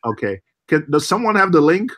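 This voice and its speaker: A man's voice: a little high, big pitch swings, fairly quick, bright, forceful tone. A man hosting a casual group livestream chat. He laughs easily and trails off and restarts mid-sentence. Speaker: livestream host.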